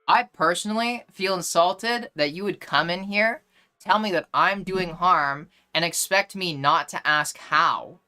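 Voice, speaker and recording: A woman's voice: fairly low pitch, unhurried, pushed and bright. A young woman streamer chatting casually while gaming, ranting bluntly with lots of fillers. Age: young adult. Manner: blunt, exasperated ranting with frequent "like".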